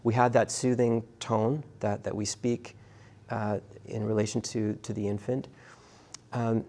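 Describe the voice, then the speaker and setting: A middle-aged man lecturing a class, talking in a halting, conversational way with many restarts and fillers and putting questions to his students. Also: on the low side, flat delivery, mellow. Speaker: university lecturer.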